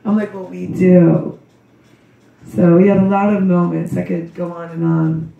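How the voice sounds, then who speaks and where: A hoarse woman with a cold gives a rambling, emotional memorial tribute to her daughter. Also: fairly low pitch, steady tone, fairly quick. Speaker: grieving mother giving a memorial tribute. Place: memorial service room. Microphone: recorded from a distance by someone in the room. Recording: dull, roomy, distant recording.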